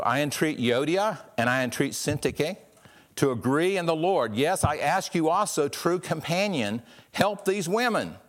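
Conversational pastor preaching. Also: male voice, medium pitch. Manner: conversational, repeats words, restarts often. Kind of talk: sermon.

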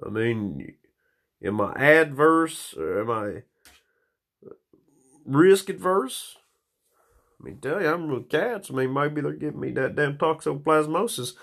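Gravelly man rambling into his phone. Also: on the high side, lively intonation, slow, pauses often, fairly bright tone. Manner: profane, rambling stream of consciousness. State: slightly hoarse. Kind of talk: rambling casual monologue. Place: small room at home.

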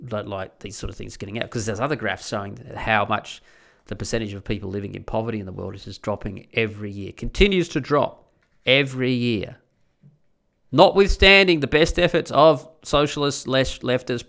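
A man's voice: mid-range voice, creaky, fairly bright tone. A man delivering a crude, combative monologue full of rhetorical questions. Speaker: commentator. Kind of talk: ranting monologue.

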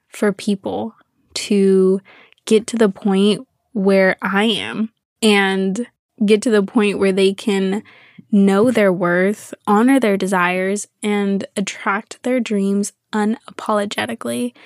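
A woman's voice: mid-range voice, steady tone, a little slow, dry recording. Young woman, podcast host, earnest, emotional, repeats words for emphasis, dry close mic. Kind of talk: reflective solo podcast monologue.

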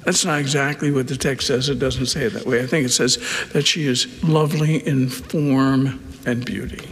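A man preaching a sermon, talking conversationally, with dramatic swings from loud emphasis down to a hushed near-whisper. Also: medium pitch, fairly even intonation, moderate pace, big-room sound. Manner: conversational asides and repetition. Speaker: pastor.

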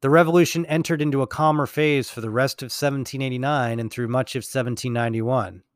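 A man's voice: mid-range voice, no echo. Wry male history lecturer, dry sound. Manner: relaxed, wry asides, self-corrects.

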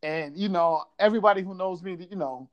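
A man's voice: sits high, brisk, dull audio. A man from Buffalo telling a casual story, swearing freely and acting out quotes. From Buffalo, New York.

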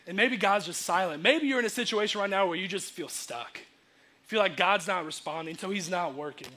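A young man preaching a sermon in a casual, energetic way, acting out the quotes he tells. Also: high voice, brisk. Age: young adult. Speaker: youth preacher.

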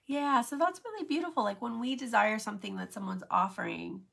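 Woman, live-stream talk host; husky, gravelly voice, relaxed and chatty with filler words. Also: fairly high pitch, a little fast. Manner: chatty, many "like" fillers, acts out quoted voices.

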